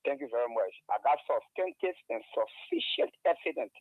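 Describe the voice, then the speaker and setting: A man's voice: medium pitch, lively intonation, a little fast, no echo. A man calling in to a radio talk show, speaking heatedly and repeating words as he pushes his point. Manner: fiery, repeats words, rising to shouts. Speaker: caller. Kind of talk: heated call-in commentary. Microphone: phone. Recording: tinny phone line.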